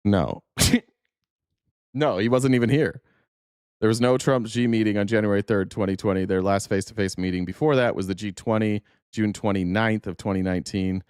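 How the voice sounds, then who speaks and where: A man's voice: on the low side, steady tone, moderate pace, darkish tone, clear, resonant tone, no room sound, studio quality. A young man hosting a political commentary show, speaking sarcastically and swearing often. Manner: sarcastic, profane, laughs often. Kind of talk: casual reaction commentary.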